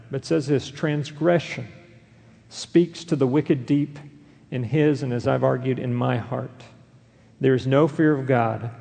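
Gravelly-voiced male pastor preaching in a hall. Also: mid-range voice, a little mellow. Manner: earnest preaching, frequent rhetorical "right?". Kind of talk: sermon.

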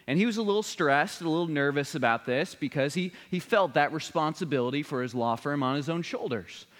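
Preacher telling a story in a big hall. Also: male voice, on the high side, lively intonation, a little fast, a bit bright. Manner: earnest storytelling, building to a solemn appeal. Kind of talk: sermon with personal story. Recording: long reverb of a large hall.

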